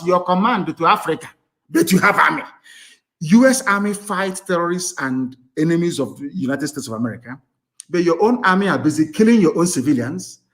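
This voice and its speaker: A man with a Nigerian accent delivers a live radio broadcast speech in a somewhat high-pitched voice. He is fiery and scornful. He jumps from loud bursts to low, muttered asides. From southeastern Nigeria. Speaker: political activist broadcaster.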